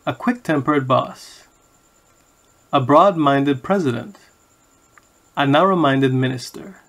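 A man reading course audio, saying each word and then an example sentence in a slow scripted vocabulary reading. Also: mid-range voice, fairly bright tone.

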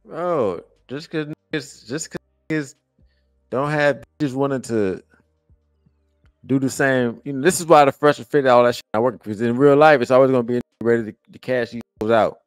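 A man streaming, reacting to a podcast clip with profane, animated ranting. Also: medium pitch, fairly quick, dry recording, clean studio sound, soft background music. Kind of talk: casual reaction commentary.

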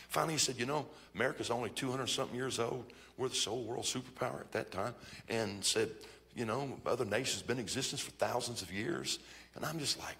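Folksy male bishop, lively storyteller with a gravelly sound. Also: mid-range voice, quick pace. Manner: folksy, joking, acts out quoted voices. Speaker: bishop preaching. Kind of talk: storytelling sermon. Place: church conference hall.

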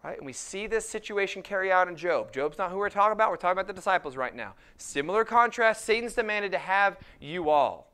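Smooth-voiced man preaching a sermon. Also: high-pitched, lively intonation, pushed and bright. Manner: preaching with emphatic, slowed scripture quotes. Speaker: pastor.

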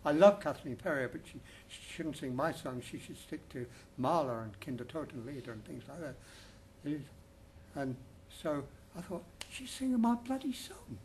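A man's voice: medium pitch, moderate pace, slight background noise. An older man from England giving a personal storytelling presentation at a lecture, wry and anecdotal with chatty restarts. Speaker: speaker at a festival talk. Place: lecture room.

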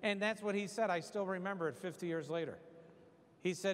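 Joking older priest in a reverberant hall. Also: male voice, high voice, fairly quick. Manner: folksy, joking storyteller. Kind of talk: humorous homily. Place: church hall.

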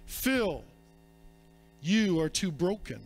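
A man putting on a low taunting devil's voice. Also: big pitch swings, slow pace, faint music behind, full character voice. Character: sneering male devil whispering accusations.

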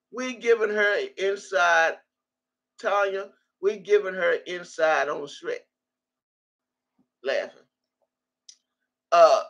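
A woman's voice: medium pitch, fairly bright tone. A woman in her sixties hosting a casual livestream, reading viewer comments aloud in a loose, salty way and laughing often.

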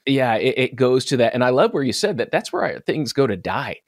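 A male podcast host with a lively, up-and-down voice, chatting with enthusiasm and laughing easily. The sound is dry and close, with no room around it. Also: mid-range voice, brisk, dry recording. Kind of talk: casual interview chat.

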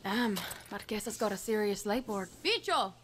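A woman's voice: medium pitch, animated, moderate pace, lightly acted. A woman voicing a tough, matter-of-fact guerrilla fighter in a video game, heard over noisy ambience. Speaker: game character.

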